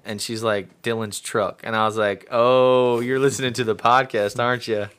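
A man's voice: medium pitch, fairly even intonation, normal speed, a bit bright, clean tone. A man co-hosting a casual podcast, laughing as he retells texts and stories. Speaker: podcast co-host. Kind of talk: casual chat.

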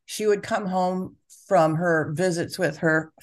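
A woman therapist telling stories in conversation, acting out quotes with lively jumps in her voice. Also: slow. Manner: animated, acts out quotes with pitch jumps. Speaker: family therapist. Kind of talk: conversational storytelling.

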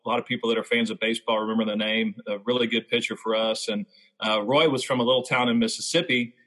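Husky, forceful man telling his story. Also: fairly low pitch, fairly even intonation, low-quality recording. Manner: reflective, halting storytelling. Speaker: podcast guest, former baseball player. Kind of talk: telling a personal faith testimony.

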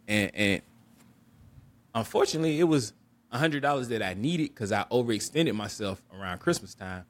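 A man's voice: on the low side, lively intonation, moderate pace. A man co-hosting a podcast, candidly telling a personal story in an earnest, reflective way and often restarting and repeating words. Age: adult. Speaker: podcast co-host.

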